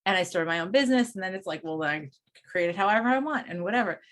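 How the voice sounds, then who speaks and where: A middle-aged woman with a lowish, somewhat bright voice races along with lively intonation. She co-hosts a spiritual podcast and coaches, and her casual talk rambles as she muses aloud and keeps restarting her thoughts.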